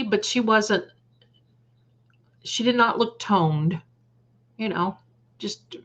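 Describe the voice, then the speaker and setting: A woman hosting a psychic livestream, chatting with viewers, trailing off and restarting, and slowly reading out lists of words. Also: medium pitch. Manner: reads out word lists slowly.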